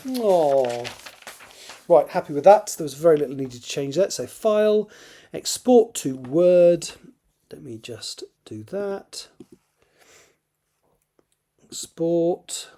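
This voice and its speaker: A man's voice: fairly high pitch, animated, takes it slowly, long pauses, mellow. A man, an author reading his draft aloud and editing it, correcting himself as he thinks aloud.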